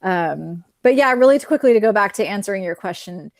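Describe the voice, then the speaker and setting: A chatty woman with a light Californian accent talks about her writing as a guest on a video call. She laughs easily and fills her sentences with ums and likes. Her voice is at a middle pitch and sounds dry and close, with no room echo. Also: animated, brisk. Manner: chatty, giggly, many fillers. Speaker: author guest. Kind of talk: casual interview chat.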